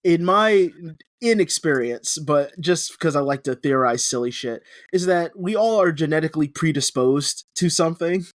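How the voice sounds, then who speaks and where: A man's voice: fairly high pitch, lively intonation, normal speed, no room sound. A young man on a podcast, chatting casually and rambling, often restarting sentences and laughing. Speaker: podcast co-host. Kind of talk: casual chat.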